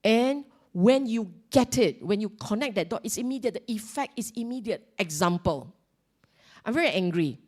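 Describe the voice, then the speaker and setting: A woman's voice: fairly high pitch, animated, normal speed, few pauses, a little mellow. A middle-aged woman with a Singaporean accent giving a Buddhist Dhamma talk to a congregation, emphatic and repeating her key points while she asks the listeners questions.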